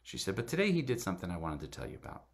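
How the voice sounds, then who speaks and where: A middle-aged man telling a personal story to a congregation, halting, with many fillers and restarts. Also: low-pitched, huge pitch swings. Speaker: guest speaker at church service.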